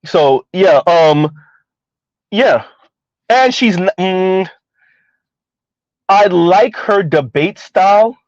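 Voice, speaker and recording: A man's voice: high-pitched, lively intonation, drawn-out words, long pauses, no echo, dull audio. A man giving casual, rambling live-stream commentary, often checking in with "right?" and "like". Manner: rambling, conversational, frequent "right?" and "like". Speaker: commentary streamer reading chat.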